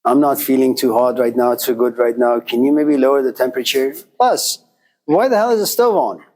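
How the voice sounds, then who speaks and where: A man's voice: medium pitch, little pitch movement, fairly quick, darkish tone, lightly acted. A man voicing an arrogant chicken stewing in a pot during a spoken parable. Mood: complaining.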